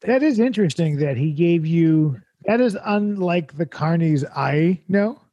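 A podcast co-host trades dry jokes in a mellow, warm voice. His pitch sits a little high for a man. The sound is dry and close. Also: unhurried, dry recording, highs cut off. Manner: dry, deadpan quips. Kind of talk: casual comedic chat.

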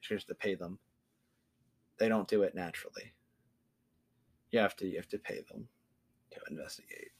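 Low, steady and slightly rough, the voice of this podcast host keeps a normal speed as he rants casually. Swearing runs throughout, and he impersonates the people he quotes.

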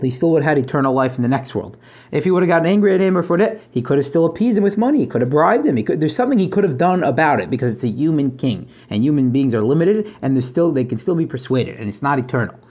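Quick, chatty male Talmud teacher who translates and explains each line as he goes. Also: fairly high pitch, darkish tone. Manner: translates line by line, restarts phrases, conversational asides. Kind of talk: casual Talmud class.

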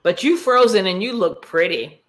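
A woman co-hosting a casual recap chat over a video call, blunt and animated, acting out what others said. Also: mid-range voice, normal speed. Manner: blunt, animated, acts out quotes. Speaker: podcast co-host.

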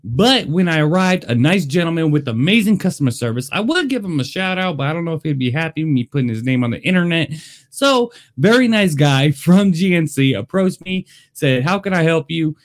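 A man chatting excitedly in a casual taste-test vlog, talking to his viewers. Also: on the high side, fairly quick. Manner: excitable, chatty, lively delivery. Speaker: vlogger. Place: Las Vegas.

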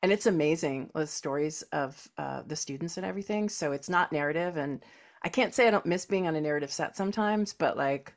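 A woman with a Californian Valley accent hosting a relaxed podcast conversation. Her voice sits a little low, and her sentences tend to drop off at the end. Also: brisk. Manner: relaxed, lets sentences trail off. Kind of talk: casual chat.

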